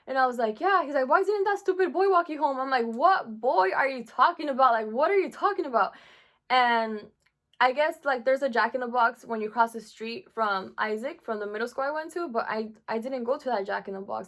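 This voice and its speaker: A woman's voice: a little high, fairly bright tone. A young woman vlogger telling a painful personal story from her school days, emotional, with many fillers.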